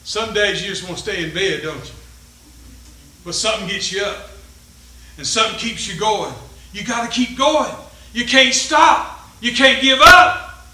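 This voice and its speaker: A man's voice: high voice, a little slow, long pauses, bright, forceful tone, echoey room, rough recording. A man, preaching a fervent sermon with call-and-response in a church. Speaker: pastor. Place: church sanctuary.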